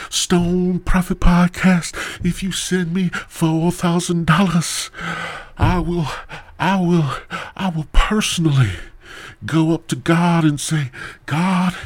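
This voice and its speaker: A shameless male TV evangelist begs for donations in a high, loud, drawn-out voice, as a man puts him on. He leans on every word with showy pleading, the way a television preacher works a crowd.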